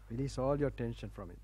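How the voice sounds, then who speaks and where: A Buddhist monk from Sri Lanka speaks English with a Sri Lankan accent, delivering a sermon to a live audience in a campus hall. His voice is very dark and mellow, with a husky edge. His delivery is loose and chatty, broken by laughs and restarted phrases as he guides listeners. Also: medium pitch. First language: Sinhala. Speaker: Buddhist monk giving a Dhamma talk. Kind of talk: sermon with guided relaxation instructions.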